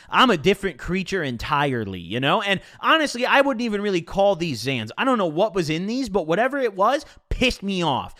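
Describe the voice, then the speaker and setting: A man casually telling a personal story in a profane, slangy, animated way. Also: sits high.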